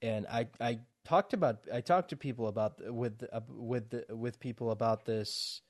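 A man's voice: mid-range voice, moderate pace, a little mellow, no room sound, studio quality. Guy hosting his podcast, rambly, laughs a lot, lots of ums. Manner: rambling, laughs often, many fillers. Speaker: podcast host. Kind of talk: casual chat.

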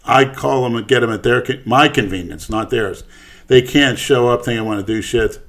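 A man co-hosting a crude, casual podcast chat, blunt and boastful, jumping louder when he stresses a point. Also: mid-range voice, moderate pace. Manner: blunt, boastful, swings loud on emphasis. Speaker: podcast co-host.

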